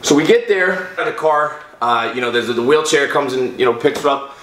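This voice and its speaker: A man's voice: mid-range voice, lively intonation, fairly quick, fairly bright tone, slight background noise. Man telling a personal story in an echoey room. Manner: rambling, frequent restarts and fillers. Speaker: fitness vlogger.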